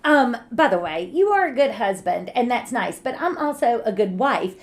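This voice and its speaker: A middle-aged woman co-hosting a casual podcast, laughing easily and getting heated when she makes her point. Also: on the high side. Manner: warm, quick to laugh, gets animated when arguing. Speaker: podcast co-host. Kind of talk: casual chat.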